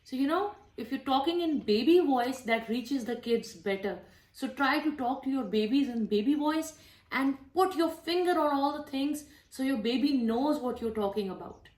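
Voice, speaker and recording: A woman's voice: high voice, expressive, moderate pace, darkish tone. A young mother giving friendly, explanatory tips on reading to small children in a casual way, with some fillers. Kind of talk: casual instructional talk showing books. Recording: roomy echo.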